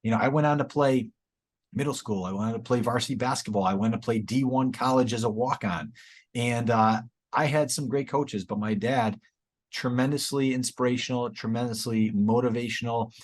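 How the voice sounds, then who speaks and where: A man's voice: medium pitch, fairly even intonation, moderate pace. Enthusiastic man in his forties. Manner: enthusiastic, encouraging. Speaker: guest, teacher and author. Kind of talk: casual interview chat.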